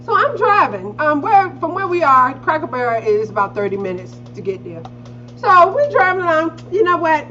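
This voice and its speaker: A woman's voice: normal speed, soft background music. A middle-aged woman telling a family story in casual chat, acting out the quotes and swearing freely. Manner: animated, acts out quotes with big pitch jumps. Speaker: podcast co-host. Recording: slightly dull lo-fi audio with faint hiss.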